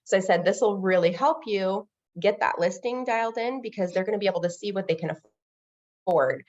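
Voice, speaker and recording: A woman who works as a loan officer chats casually as an interview guest, speaking at a normal speed in a mid-range voice. She's energetic and acts out quoted conversations with her clients, and the recording has its highs cut off.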